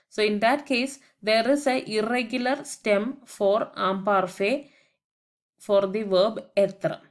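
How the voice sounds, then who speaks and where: Brief: a woman as patient language teacher, grammar voice-over, slow spelling of each word. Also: mid-range voice. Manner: methodical, spells words out letter by letter; explains each point with English translations. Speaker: French teacher.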